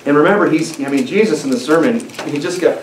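Male preacher, emphatic sermon, fillers and restarts, higher voice, echoey church, distant mic. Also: fast. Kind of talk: sermon with scripture reading. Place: church sanctuary. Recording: echoey church recording from afar, faint noise.

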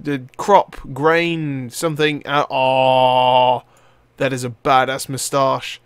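A young man giving excitable, rambling let's-play commentary as he plays, swearing casually. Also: mid-range voice, measured pace, clear, resonant tone, dry recording. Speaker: gaming video host.

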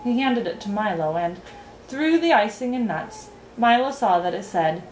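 A woman narrates a storybook with an expressive, lively voice that rises and falls a great deal. Her reading has a roomy echo around it. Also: mid-range voice, moderate pace, a little hiss or hum.

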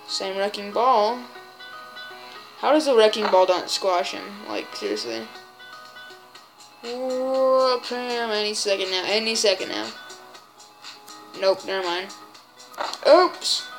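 Woman narrating her gameplay in a goofy put-on voice, slow and exclaiming a lot, game music behind. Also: fairly high pitch. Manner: put-on silly voice, excitable exclamations. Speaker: gaming video creator. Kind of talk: gameplay commentary.

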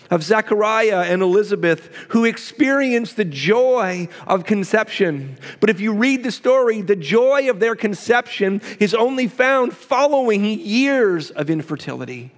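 A male pastor preaching a sermon, with emphatic repetition and quick asides to the congregation. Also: high voice, long reverb tail.

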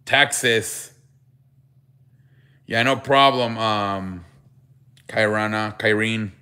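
Chatty male sports streamer, bright voice. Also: on the low side, very slow. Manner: chatty, greets viewers by name, reads chat aloud; repeats "I beg your pardon" as a running joke. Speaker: live stream host. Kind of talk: casual live chat with viewers.

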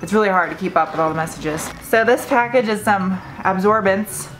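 A chatty young woman in a mid-range voice hosts a casual car vlog, rambling easily between thoughts. She gets giddy and excitable as she opens packages. Background music plays clearly behind her. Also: medium pitch, brisk. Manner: chatty, excitable when unboxing gifts. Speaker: car vlogger and host.

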